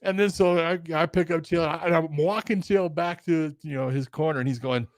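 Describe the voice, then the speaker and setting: A man casually telling a story as a podcast co-host, animated and acting out quotes with laughter. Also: on the high side, normal speed, no echo.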